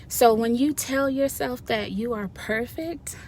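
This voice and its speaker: A woman giving a casual motivational talk on a wellness vlog, animated and folksy, speaking to viewers through a phone or webcam mic. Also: a little high, unhurried, slight background noise. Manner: animated, folksy, says "y'all". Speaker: wellness vlogger.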